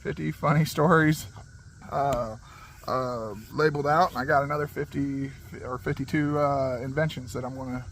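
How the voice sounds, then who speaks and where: A man telling a funny story from his childhood in a rambling, animated way. He laughs as he talks and uses many fillers and restarts. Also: mid-range voice, moderate pace, slight background noise, low-quality recording. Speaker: channel host. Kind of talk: casual storytelling monologue.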